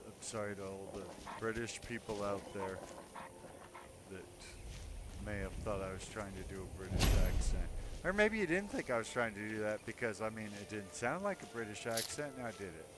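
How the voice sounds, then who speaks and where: A man's voice: lowish voice, lively intonation, moderate pace, heavy background noise. A man hosting a gaming video, giving rambling, self-mocking let's-play commentary in a sarcastic tone.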